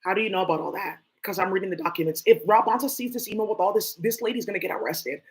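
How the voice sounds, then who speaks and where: A woman hosting a tarot stream in a loose, rambling rant. She talks bluntly and profanely with lots of animation, asks questions out loud and answers herself. Her voice sits at a middle pitch for a woman. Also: fast talker. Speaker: tarot livestream host. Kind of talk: casual ranting monologue.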